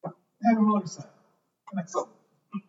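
A high-pitched, fast-talking preacher reads scripture and speaks in a conversational style full of repeated words and asides. He is recorded from afar in an echoey hall, and the sound is dull.

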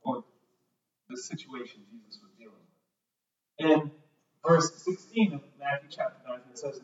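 A man's voice: mid-range voice, normal speed, long pauses. A man preaching a sermon, reading scripture and talking in a conversational way with repeated words and asides. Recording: echoey hall, voice from far off, dull sound.

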